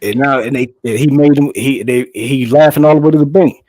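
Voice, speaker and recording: A man's voice: mid-range voice, fairly quick, warm tone, dry recording, poor audio. A man in casual chat, talkative and profane, explaining his views at length.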